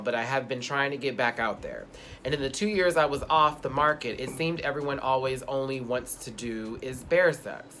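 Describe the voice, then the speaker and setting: A man's voice: mid-range voice, expressive, normal speed, pushed and bright, a little hiss or hum. A man co-hosting a casual chat show, playful and sassy, reading out viewer questions and joking along the way. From Houston. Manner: playful, sassy, drifts into put-on accents. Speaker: co-host.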